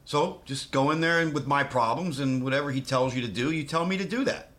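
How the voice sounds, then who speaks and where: A middle-aged man telling an exasperated comic story, yelling and laughing as he goes. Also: medium pitch, brisk. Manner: exasperated, yells and laughs through his story. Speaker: podcast guest. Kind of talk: comedic storytelling rant.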